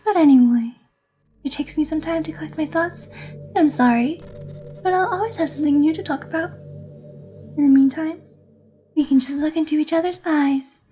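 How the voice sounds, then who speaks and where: A woman voicing a sweet, intense teenage girl who is a club president, reading game dialogue softly and affectionately. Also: high voice, normal speed, long pauses, faint music behind, close to an everyday voice. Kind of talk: reading visual novel lines aloud.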